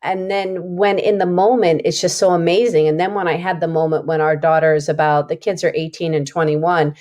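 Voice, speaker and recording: Casting note: middle-aged woman host, lowish voice, warm and frank, energetic. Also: fairly quick. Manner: enthusiastic, reflective, frank. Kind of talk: casual conversation.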